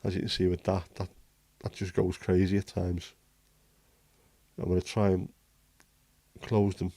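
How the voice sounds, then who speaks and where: A man's voice: sits low, little pitch movement, unhurried, dark tone, breathy edge, no echo. A man, hosting a casual livestream and chatting with viewers in a joking way. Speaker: livestream host.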